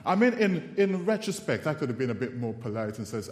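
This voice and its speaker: A man preaching a sermon, telling funny personal stories in an animated, self-mocking way before reciting scripture. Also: mid-range voice, normal speed, few pauses. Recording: echoey hall with long reverb.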